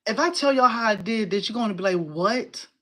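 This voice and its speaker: A woman hosting a casual crafting live stream from home. She talks in an excitable, chatty way, says "y'all" a lot, and answers viewers' comments aloud. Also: on the high side, quick pace. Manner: uses y'all and informal phrasing.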